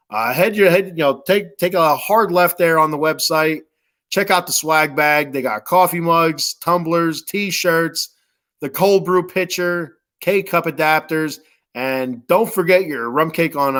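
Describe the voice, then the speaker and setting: Rambling through sponsor reads with plenty of jokes and fillers, this male sports podcast host has a slightly high, somewhat bright voice.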